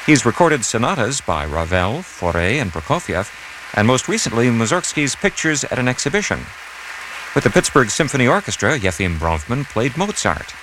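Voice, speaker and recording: A man hosting a classical radio broadcast, reading scripted announcements in a measured, announcer-like way. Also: mid-range voice, big pitch swings, noisy background. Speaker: radio host.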